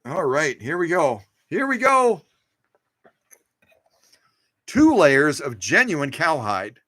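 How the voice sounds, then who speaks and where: A man's voice: on the high side, sing-song, slow, a bit bright, no room sound. A man hosting a casual sewing machine demonstration in a workshop, playful and jokey, cheering on his machine and camera. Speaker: host restoring and demonstrating vintage sewing machines. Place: home workshop.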